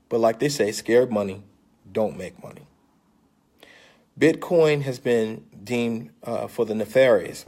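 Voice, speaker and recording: An older man with a warm, mid-range voice talks into his phone camera in a casual vlog, pitching an investment. His persuasive talk is coaxing and salesy, and he often checks in with his listeners.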